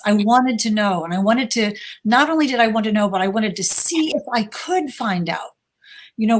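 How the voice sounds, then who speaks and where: A woman speaking as an author and former reporter on a video-call panel, telling her story in an earnest, curious way. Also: mid-range voice. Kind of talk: casual panel discussion.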